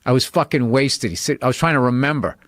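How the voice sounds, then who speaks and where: A man's voice: medium pitch, expressive, quick pace, dry recording. A man hosting a casual podcast chat, swearing freely and laughing through his stories. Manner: profane, storytelling, laughs a lot. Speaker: podcast host.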